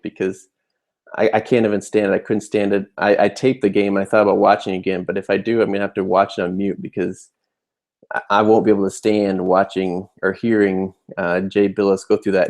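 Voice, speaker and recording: A man's voice: on the low side, darkish tone. A young adult man, a sports fan vlogger, rambling through a fired-up game recap with many fillers and restarts. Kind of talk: casual game recap rant.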